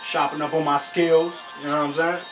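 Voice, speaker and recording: A man hosting a sports reaction video, talking in casual slang, laughing often and breaking into loud exclamations. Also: a little high, level tone, fairly quick, music in the background. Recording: echoey room, mic at a distance, faint background hiss.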